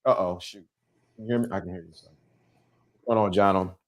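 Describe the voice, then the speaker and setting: A man's voice: deep voice, steady tone, brisk. Emphatic man repeating his points. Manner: repetitive, emphatic, preacher-like cadence. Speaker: host. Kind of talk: live-streamed motivational talk.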